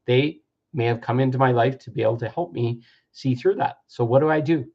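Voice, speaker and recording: Man, 50s, gravelly, earnest self-help talk, muffled lo-fi sound. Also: mid-range voice, fairly quick, darkish tone. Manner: earnest, acts out quoted voices. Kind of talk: reflective personal-growth talk. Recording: dull lo-fi recording.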